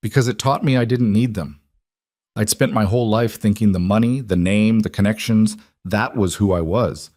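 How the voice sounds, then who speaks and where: Man voicing a hardened mafia man, low voice, blunt and terse, dry close sound; audiobook read. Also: moderate pace, a little mellow, dry recording, lightly acted. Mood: calm.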